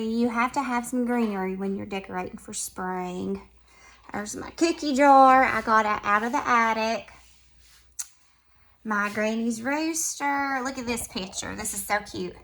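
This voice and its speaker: A woman with a Southern US accent, giving a casual, affectionate tour of her home decor as a vlogger. She drifts between soft, tender remarks and brighter, lively ones. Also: a little high, measured pace.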